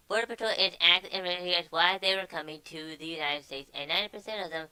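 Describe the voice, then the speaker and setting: Bright, crisp woman reading news. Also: fairly low pitch, dry recording, rough recording. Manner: sarcastic asides, stumbles and repeats words. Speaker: news show host. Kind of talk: reading news articles with commentary.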